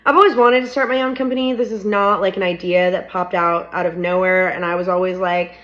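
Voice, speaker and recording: A woman's voice: lowish voice, steady tone, a little fast, fairly bright tone. Frank young woman, slightly muffled audio. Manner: candid, frank, upbeat. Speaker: startup founder. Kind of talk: casual storytime to camera.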